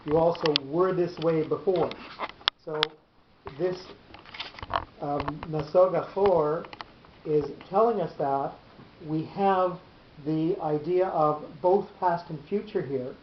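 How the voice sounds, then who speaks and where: A man teaching a Torah class, explaining patiently with many pauses, fillers and restarted phrases. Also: on the high side. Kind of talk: lecture with frequent pauses and fillers. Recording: roomy, dull lo-fi with faint hiss.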